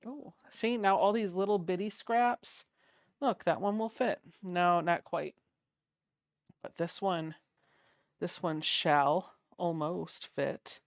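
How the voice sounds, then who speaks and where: A woman's voice: fairly low pitch, steady tone, takes it slowly, no echo, clean studio sound. A woman hosting a quilting livestream, chatting casually while she sews and reading out viewer comments. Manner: chatty, reads out viewer comments, hums little sound effects while working. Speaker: quilting channel host.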